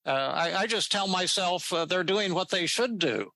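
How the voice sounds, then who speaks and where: A man's voice: high voice, moderate pace, sharp tone, no echo, pitched above the performer's own voice. A man doing an impression of an older male psychologist who speaks bluntly and matter-of-factly with a twangy New York accent. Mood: blunt, amused.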